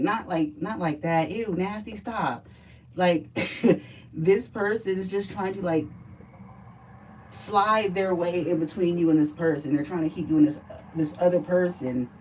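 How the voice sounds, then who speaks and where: A woman with a low, mellow voice does a relaxed live card reading, blunt and quick to curse as she talks. She sits a bit back from the mic, with a faint hum of room noise behind her. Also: distant mic, poor audio. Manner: blunt, profane, chatty. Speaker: livestream card reader.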